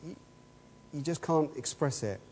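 A man preaches a sermon earnestly, asking the same rhetorical questions over and over. His voice is on the high side, expressive, a little mellow and husky, delivered at a measured pace, and the recording carries a long hall reverb.

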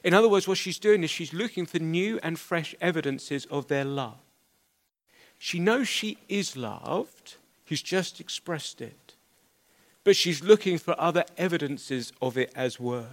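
A man's voice: a little high, animated, measured pace. A middle-aged man preaching an expository sermon in an earnest, conversational way with small stammers.

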